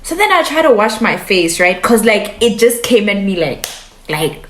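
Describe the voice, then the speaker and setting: A young woman telling a story to camera in a casual, animated way, cursing freely. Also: medium pitch, moderate pace. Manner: animated, chatty, swears freely, acts out quotes. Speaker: vlogger. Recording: echoey room.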